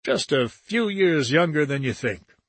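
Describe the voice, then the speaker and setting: A man voicing an easygoing young man who talks in a slow, unhurried drawl. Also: on the high side, lively intonation, husky, no room sound. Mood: easy.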